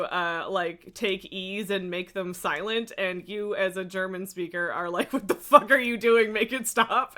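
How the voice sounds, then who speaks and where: A woman's voice: medium pitch, sharp tone. A woman streamer chatting casually to her viewers, rambling through tangents with frequent laughs, fillers and swearing. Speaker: livestreamer. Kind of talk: casual live-stream chat.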